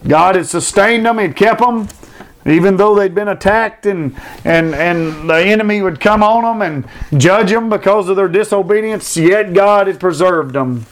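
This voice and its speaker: A man's voice: high-pitched, normal speed. A man preaching a sermon, building fervent repeated phrases and reading scripture aloud. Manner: fervent, repetitive emphatic preaching.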